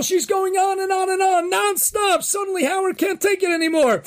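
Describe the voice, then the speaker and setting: A man hosting a daily inspirational Torah talk, telling jokes and teaching, with animated delivery and Yeshivish Hebrew terms, rising to emphatic near-shouts. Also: very high-pitched, fairly quick, hardly any pauses.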